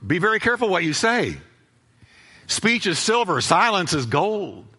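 A man's voice: high voice, very animated, moderate pace, pushed and bright, slightly rough, in a large hall. A man preaching a sermon as pastor, emphatic, repeating key phrases and acting out both sides of conversations.

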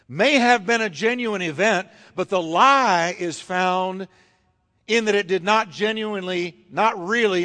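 A male pastor preaching a sermon in a church, emphatic and repetitive with dramatic pauses. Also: high voice, sharp tone, in a large hall. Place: church sanctuary. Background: congregation.

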